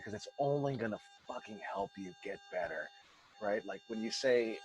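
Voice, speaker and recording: Speaking fairly quickly in a mid-range voice, an American man who coaches wrestling addresses his students casually, bluntly and with plenty of profanity and emphasis. The low-quality recording carries slight background noise.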